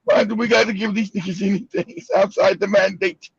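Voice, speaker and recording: High-pitched gravelly man ranting bluntly. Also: fairly even intonation, a little fast, no echo, muffled recording. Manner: blunt, profane, mocking, repeats himself. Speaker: host. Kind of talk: heated commentary on news clips.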